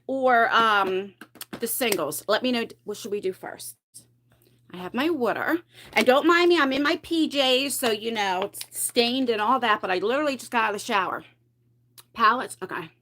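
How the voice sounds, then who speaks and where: Her voice is high-pitched and a touch bright as she hosts a laid-back beauty livestream in her pajamas at home. Between laughs and rambling chatter about the makeup she's decluttering, she's slightly out of breath from lugging heavy boxes around.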